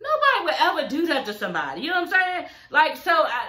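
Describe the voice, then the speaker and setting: A woman's voice: sits high, wildly swooping pitch, quick pace, pushed and bright, roomy sound. A young adult woman recapping a reality show in a blunt, sassy, profane way, laughing often as she rants. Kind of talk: casual recap rant.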